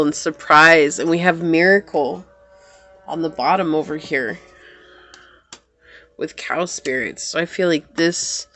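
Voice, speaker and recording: A woman reading tarot cards for her viewers. She talks earnestly and thinks aloud as she works through the spread, in a slightly low but bright, forceful voice. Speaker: tarot reader. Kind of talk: pick-a-card tarot reading.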